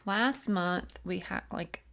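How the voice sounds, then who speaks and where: This woman delivers a rambling, conversational tarot reading, laughing a lot and dropping into whispers now and then. She speaks slowly in a lowish voice with a slight hiss or hum, sometimes easing into soft whispered chants, as in a relaxed channeled session.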